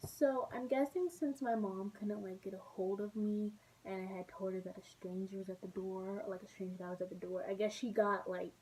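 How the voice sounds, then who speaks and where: A woman from Texas telling a storytime vlog, chatty and animated, and often laughing. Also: medium pitch, brisk, hardly any pauses. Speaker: vlogger. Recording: distant mic with faint background noise.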